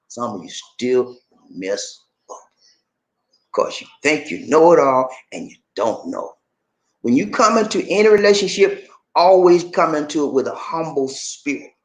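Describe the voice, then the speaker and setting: Animated preachy man giving relationship advice. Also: fairly high pitch, reverberant. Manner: animated, preachy, playfully pleading. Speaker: relationship vlogger. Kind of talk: casual advice monologue.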